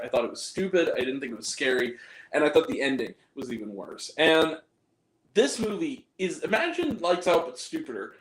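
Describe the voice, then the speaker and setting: A man casually reviewing a movie in a blunt, rambling, profane way. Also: on the high side. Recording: roomy echo.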